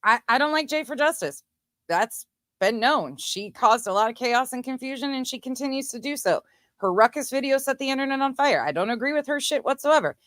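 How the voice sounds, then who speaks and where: A woman's voice: high-pitched, expressive, a little fast, a bit bright, dry recording. A woman commentator reacting to clips in a blunt, sarcastic, profane way. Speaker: commentary streamer. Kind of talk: casual commentary.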